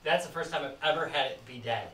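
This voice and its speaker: A man hosting a casual podcast from a basement studio, playful and energetic. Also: on the high side, quick pace. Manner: energetic, playful show-opener. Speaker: podcast host. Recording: roomy, distant mic with music.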